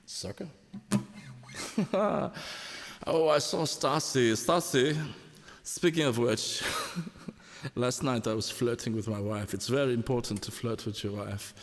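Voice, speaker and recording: A man's voice: mid-range voice, takes it slowly, vocal fry, pauses often. A man hosting a live stream, chatting casually and jokily between songs, rambling and laughing often. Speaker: live-stream host and singer. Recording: long reverb, faint guitar behind.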